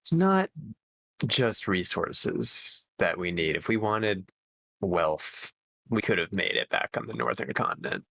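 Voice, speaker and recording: Deep, gravelly man at the table. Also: big pitch swings, a little slow, bright, forceful tone, no echo, poor audio. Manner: hesitant, filler-heavy negotiating. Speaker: player. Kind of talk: tabletop role-play in character.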